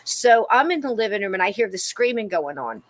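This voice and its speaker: A middle-aged woman co-hosts a podcast and tells a personal story in casual conversation, performing the quoted lines in a high, excited voice. She talks a little fast, and there's no room sound.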